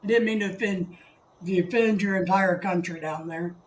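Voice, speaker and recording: In a casual live stream, a high-voiced man based in the Philippines talks at a moderate pace, greeting viewers by name as he rambles along. The room is echoey, and a little background noise can be heard.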